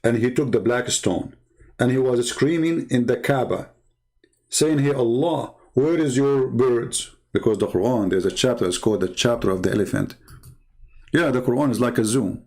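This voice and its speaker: A show host delivers a mocking, sarcastic monologue packed with heated rhetorical questions. His mid-range voice has a darkish tone and moves at a normal speed.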